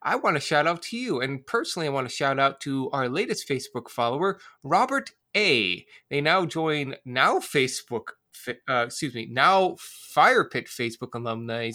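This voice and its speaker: A man's voice: mid-range voice, lively intonation, normal speed, few pauses, pushed and bright. A man co-hosting a podcast, teasing his friends in casual chat. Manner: playful teasing. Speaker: podcast co-host.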